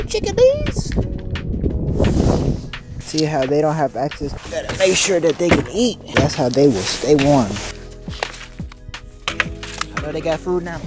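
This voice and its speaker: A man casually narrating a vlog while checking his animals outdoors on a snowy farm, talking to them in an easygoing way. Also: a little high. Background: loud background music.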